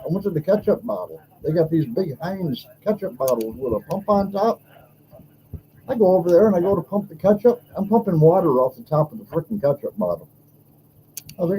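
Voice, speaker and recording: A man tells a story in a blunt, complaining, casual rant, acting out both sides of each exchange. His voice sits a bit high for a man but sounds mellow and soft-edged. A faint steady hum runs under the recording. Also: poor audio. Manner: aggrieved, blunt, acts out dialogue. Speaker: podcast host.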